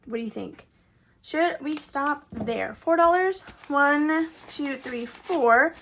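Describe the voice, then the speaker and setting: A woman's voice: high-pitched, animated, slow, a bit bright, a little hiss or hum. A young woman casually vlogging her savings challenges, chatty and full of fillers, her sentences trailing up at the end. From Texas. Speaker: budgeting vlogger.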